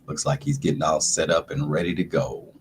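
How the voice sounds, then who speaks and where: A man hosting a casual livestream, greeting viewers by name in a relaxed, repetitive way, with a dry throat. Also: extremely low pitch, brisk, slight background noise. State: dry throat, sucking a lozenge. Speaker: livestream host.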